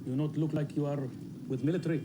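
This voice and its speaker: An actor playing a soldier who questions a stranger in broken English, from a film clip. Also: male voice, a little high, steady tone, fast talker, lightly acted. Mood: interrogating. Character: gruff male soldier interrogating a stranger. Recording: film clip with loud vehicle noise. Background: loud vehicle noise.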